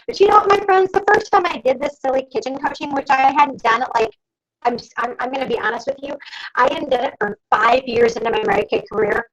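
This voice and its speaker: High, animated woman on a lo-fi call. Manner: fast, animated, exclamatory, addresses listeners as "you guys". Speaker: sales director coaching her team. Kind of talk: energetic sales training talk. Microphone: computer mic on a video call. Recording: dull lo-fi video call audio.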